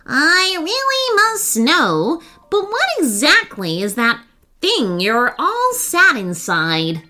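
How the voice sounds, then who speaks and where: A woman doing a polite, high-voiced alien slug. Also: huge pitch swings, slow, bright, forceful tone, exaggerated voice. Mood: polite curious.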